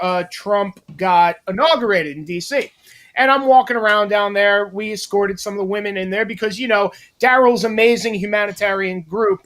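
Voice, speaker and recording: A man's voice: high-pitched, fairly bright tone. A man from New Jersey, co-hosting a casual podcast, telling stories with lots of profanity and rambling asides.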